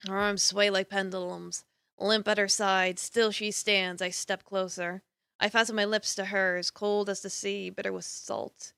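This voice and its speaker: A woman streamer reading a horror visual novel aloud in a theatrical way, swinging between hushed and emphatic lines. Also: mid-range voice, flat delivery, unhurried, gravelly, clean tone, no room sound.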